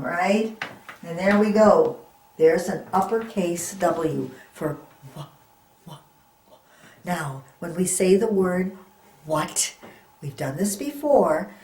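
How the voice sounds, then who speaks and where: A woman teaches beginning readers to spell simple words, sounding each letter out and praising them often. She speaks very slowly, in a voice on the low side. The recording has a roomy echo around her. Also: a little mellow. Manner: slow, patient, encouraging, sounds out letters. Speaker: reading teacher. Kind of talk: phonics lesson for young children.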